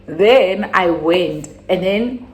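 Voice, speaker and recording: Speaking extremely slowly over soft background music, a young South African woman, a YouTuber with the local accent, rambles through a personal anecdote. She's casual and animated, breaking into abrupt high exclamations.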